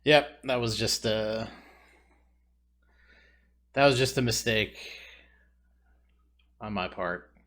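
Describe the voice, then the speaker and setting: A man's voice: on the low side, takes it slowly, long pauses, fairly bright tone. A man hosting a trivia video, thinking aloud and rambling casually as he tries to recall answers. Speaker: trivia video host playing along. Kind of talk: casual commentary while answering quiz questions.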